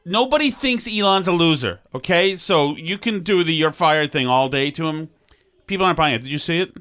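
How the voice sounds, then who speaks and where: Male co-host, slightly higher voice, teasing, stop-start banter, dry mic. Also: lively intonation, brisk, fairly bright tone, no room sound. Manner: teasing, restarts and stammers. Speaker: podcast co-host. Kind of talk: casual banter.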